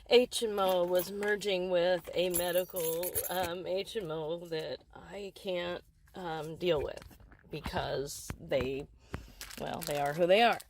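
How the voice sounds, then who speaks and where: A woman's voice: on the low side, a little hiss or hum, rough recording. A middle-aged woman talking to the camera in a rambling, agitated rant about a bad appointment. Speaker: vlogger.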